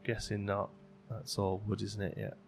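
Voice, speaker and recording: A man hosts a let's play, chatting casually as he plays and talking to his game characters, with faint game music underneath. His voice is fairly low and gravelly, level in tone, at a moderate pace.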